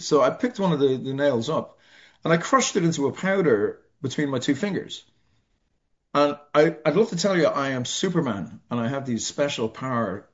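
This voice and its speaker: Middle-aged Irish man, mid-pitched, reflective storyteller with wry humor; slightly dull lo-fi recording. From Ireland. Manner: reflective, halting, self-deprecating humor. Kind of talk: personal story in conversation.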